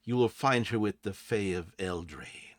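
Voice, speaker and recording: A man's voice: lowish voice, animated, a little slow, dry recording. A man voicing a riddling fae creature in a lilting, chanting tone. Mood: teasing.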